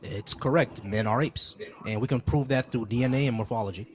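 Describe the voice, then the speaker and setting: A man's voice: mid-range voice, brisk. A man hosting a live call-in debate stream, chatting casually with many fillers and restarts.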